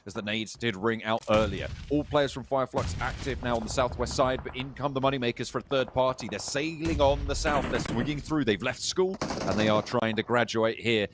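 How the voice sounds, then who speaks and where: A man casting an esports match, calling the action in quick, bantering play-by-play. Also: mid-range voice. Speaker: esports caster. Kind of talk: play-by-play commentary. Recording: faint game noise behind.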